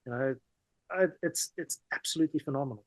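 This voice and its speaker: A South African man, a podcast guest, telling stories in a lively, casual way, often saying "man" and "you know". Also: mid-range voice, fast, dry recording. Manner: animated, peppers talk with "man" and "you know". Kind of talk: casual conversational storytelling.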